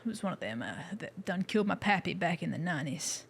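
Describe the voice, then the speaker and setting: A woman's voice: fairly low pitch, very animated, quick pace, vocal fry, breathy edge, heavily acted. A woman voicing a young man with a put-on American Southern drawl, reading game dialogue with folksy hillbilly talk.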